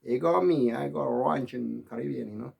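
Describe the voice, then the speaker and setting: A man's voice: medium pitch, a little fast, vocal fry, slightly rough, highs cut off. A man voicing a boastful rich man who coaxes a woman, bragging about his wealth. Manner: bragging, coaxing.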